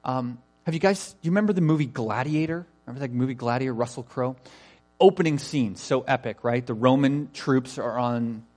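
A man preaching a sermon in a conversational, animated way, often asking "right?" and acting out quoted lines. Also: mid-range voice, a little fast. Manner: animated, acts out invitations in quoted voices; conversational, frequent "right?" asides. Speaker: pastor.

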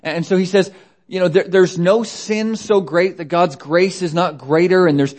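A man's voice: high voice, fairly even intonation, moderate pace, a little mellow. A man preaching a sermon in a conversational way, asking rhetorical questions. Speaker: pastor.

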